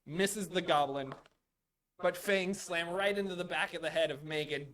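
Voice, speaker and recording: A young man running a live tabletop game as dungeon master, narrating with animated storytelling. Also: on the high side, moderate pace, background noise. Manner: animated storytelling with sudden loud character outbursts.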